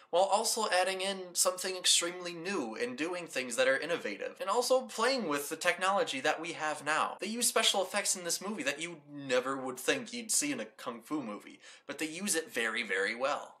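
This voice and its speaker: Bright, lively young man reviewing movies. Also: on the high side. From United States. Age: young adult. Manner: enthusiastic and rambling, with many repeated "like"s and restarts. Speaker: host of a movie review channel.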